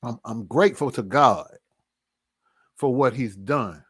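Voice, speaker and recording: In a vlog, a man shares a personal testimony, earnest and reflective, telling it casually and sometimes sinking to a near hush. His medium-pitched voice is slightly rough and his pace unhurried.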